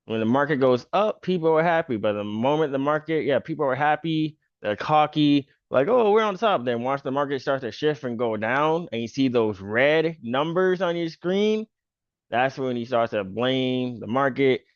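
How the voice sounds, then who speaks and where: A man's voice: medium pitch, expressive, moderate pace, no echo, dull audio. A man hosting a casual stock chart walkthrough, talking loosely with lots of fillers like "pretty much" and "bro". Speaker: stock trader and channel host.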